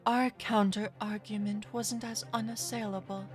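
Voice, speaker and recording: A woman voicing an earnest young female legal assistant, reading in a slow, serious, measured way. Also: mid-range voice, little pitch movement, over music, natural voice.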